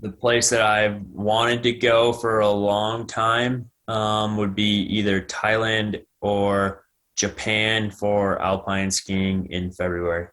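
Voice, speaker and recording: A man's voice: lowish voice, level tone, slow, a bit bright. An American man in his thirties, a guest athlete giving thoughtful answers in a casual podcast interview. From United States.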